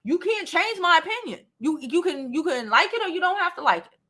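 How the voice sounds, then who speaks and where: A woman's voice: very high-pitched, big pitch swings, fairly quick, bright, forceful tone. A woman in her forties hosting a beauty livestream, reading out comments and replying bluntly and directly, swearing freely. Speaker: beauty channel host.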